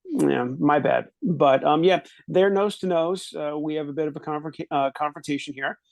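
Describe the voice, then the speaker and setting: A man's voice: fairly high pitch, normal speed, creaky, dry recording. A man co-hosting a podcast, laughing easily and drifting into digressive asides. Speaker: podcast co-host. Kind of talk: casual recap chat.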